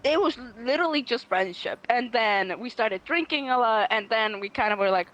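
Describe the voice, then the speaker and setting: Young Finnish woman, casual podcast chat, lively swooping voice, a bit high. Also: normal speed, highs cut off. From Finland. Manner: animated, acts out quoted voices. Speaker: podcast guest.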